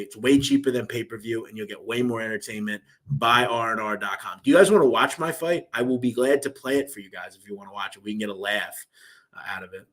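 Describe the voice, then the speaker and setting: A man's voice: medium pitch, a bit bright. A young man with a Philadelphia accent hosting a casual live-stream, loose and rambling, reading out viewer comments. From Philadelphia, USA. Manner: loose and rambling, full of fillers. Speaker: host.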